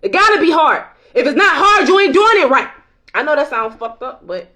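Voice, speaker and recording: A woman's voice: high voice, very animated, brisk, pushed and bright, a little hiss or hum. A woman tarot reader in a casual vlog, talking bluntly and emphatically, swearing freely and laughing often.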